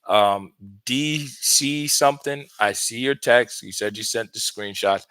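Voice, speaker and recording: A relationship coach answering viewer questions on a live stream, giving direct, conversational advice with lots of fillers, a little out of breath. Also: male voice, mid-range voice, measured pace, hardly any pauses, a bit bright, no echo. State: slightly out of breath.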